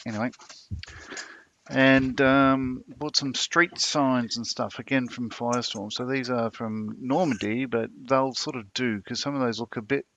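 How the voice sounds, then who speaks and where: A man's voice: medium pitch, steady tone, unhurried, fairly bright tone, highs cut off, a little hiss or hum. A man hosting a casual video call chat, joking and rambling with lots of fillers. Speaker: host, model maker.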